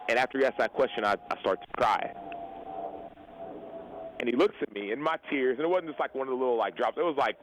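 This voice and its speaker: Speaking with lively intonation at a quick pace, this man in his thirties, a pro football player and author appearing as a guest, shares personal stories with earnest reflection. He quotes remembered dialogue and keeps adding "right?" to his lines. His mid-range voice is fairly bright, and the audio is poor, with a little hiss or hum.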